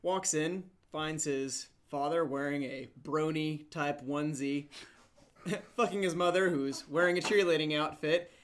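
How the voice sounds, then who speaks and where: A man's voice: fairly high pitch, unhurried. Man with a raised voice telling crude jokes. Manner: bawdy, laughs at his own jokes. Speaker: podcast panelist. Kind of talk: casual podcast chat, telling a crude joke.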